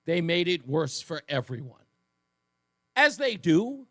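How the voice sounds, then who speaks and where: A man in his fifties hosts a talk radio show, slowly telling personal stories in a high, lively voice that leaps up and down, with sarcastic asides slipped in. He's recorded on a studio microphone with a dry, close sound and no echo.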